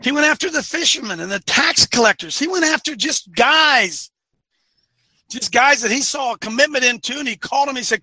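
Brief: middle-aged male host, high and very bright voice, emphatic preaching monologue with repeated phrases. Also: normal speed, no echo, poor audio. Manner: emphatic, repeats phrases, swings from quiet to loud. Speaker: host of a men's ministry call-in show. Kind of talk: preaching-style monologue to listeners.

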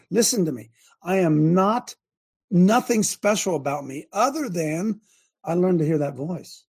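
A man's voice: sits high, a little mellow, slightly rough. An older man hosting a show, preaching in a fervent, rambling way full of restarts. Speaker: host and preacher. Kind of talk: preachy livestream talk.

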